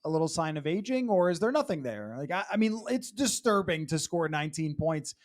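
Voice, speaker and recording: A man's voice: a little high, big pitch swings, brisk. A man hosting a sports podcast round table in a chatty, wry way, putting questions to his guests. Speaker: podcast host.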